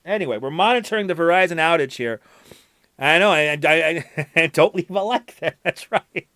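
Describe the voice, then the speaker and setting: A man's voice: a little high, lively intonation, moderate pace, fairly bright tone, dry recording. A man hosting a casual livestream who reads viewer comments aloud, curses freely and laughs often. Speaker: livestream host.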